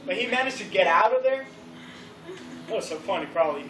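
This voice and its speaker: A man giving a casual, animated teaching at a church youth service, acting out the voices of the crowd as he tells the story. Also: high voice, brisk. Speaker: youth leader. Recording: roomy, distant recording with faint background noise.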